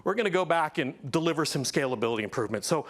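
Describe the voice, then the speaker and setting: A man delivering a conference tech talk with a showman's energy. His voice sits high and leaps widely in pitch. He swings from hyped build-ups back to plain explanation. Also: expressive, racing, fairly bright tone. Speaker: conference presenter. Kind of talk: keynote-style tech presentation.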